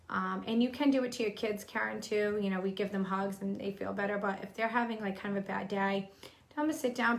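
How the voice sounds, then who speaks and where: Bright-voiced woman psychic, chatty. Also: mid-range voice. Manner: chatty, teaching with gestures, frequent ums. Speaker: psychic medium and co-host. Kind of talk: casual chat.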